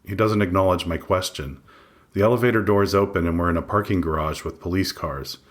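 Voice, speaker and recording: A man reading his own memoir aloud in first person, measured, matter-of-fact and wry. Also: deep voice. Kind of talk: first-person audiobook narration.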